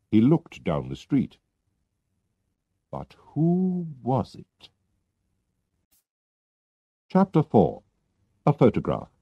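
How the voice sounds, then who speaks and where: A man reading a story slowly and clearly for English learners. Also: low-pitched, dark tone, no echo. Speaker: narrator. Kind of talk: scripted narration for English learners. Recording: dull lo-fi recording.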